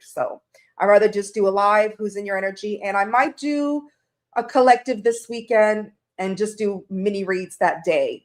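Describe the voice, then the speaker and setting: Tearful and emotional, a woman hosts a tarot livestream in her room at home, greeting viewers by name during casual chat. She has a medium-pitched, slightly mellow voice.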